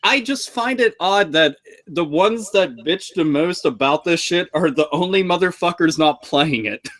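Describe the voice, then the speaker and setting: A man's voice: high voice, animated, normal speed, fairly bright tone. A man with a slightly raised voice, chatting loosely on a podcast. He laughs between phrases, trips over his starts and swears freely. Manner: laughing, stumbling restarts, profane. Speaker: podcast panelist. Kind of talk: casual chat.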